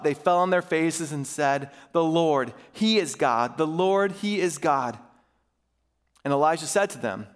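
A male pastor reading a passage of scripture aloud and pausing to explain it in plain, conversational words. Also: on the high side, long reverb tail. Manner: reads scripture aloud, then stops to comment in everyday speech.

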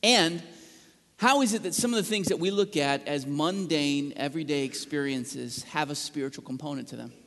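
Pastor guy preaching, kinda high voice, long echo of a big church hall. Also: normal speed, fairly bright tone. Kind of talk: sermon. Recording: reverberant hall from a distance.

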